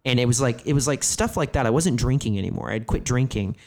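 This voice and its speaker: Talking fast with lively intonation, this thirty-something male comedian guest rambles through candid stories, swearing often and using "like" constantly. His voice is medium-pitched and a little mellow.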